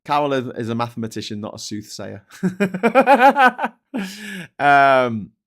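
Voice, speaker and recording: A man's voice: mid-range voice, brisk, a bit bright. A man with a Scouse accent hosting a casual live stream, reading out viewer comments and answering them bluntly, with plenty of swearing. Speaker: host.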